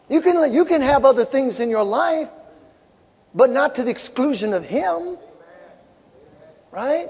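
Animated preacher in a big reverberant hall. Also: male voice, very high voice, unhurried, long pauses. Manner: animated preaching, shouting peaks, repeated phrases. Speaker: pastor. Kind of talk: sermon. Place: large church sanctuary.

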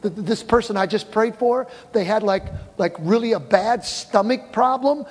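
An older male pastor telling mission stories to his church and acting out the quoted voices in an animated way. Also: high-pitched, normal speed, few pauses, breathy edge. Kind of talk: church mission report with slides. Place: church hall. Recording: reverberant church hall.

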